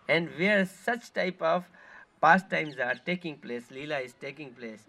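Unhurried and sharp in tone, a high-voiced man guides pilgrims with an earnest devotional talk. He keeps repeating himself and searching for what to say.

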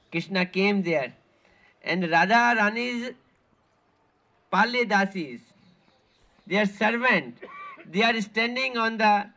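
A man's voice: high-pitched, bright, forceful tone. A man giving an earnest devotional talk as a guide at pilgrimage sites, often repeating himself and searching for words. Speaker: spiritual tour guide.

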